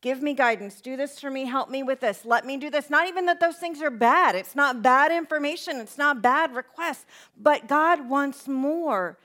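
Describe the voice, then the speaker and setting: A woman with a high voice preaching in a relaxed, conversational way. She acts out the prayers she quotes and often drops to soft, hushed lines. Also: normal speed, few pauses. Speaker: pastor. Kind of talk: sermon.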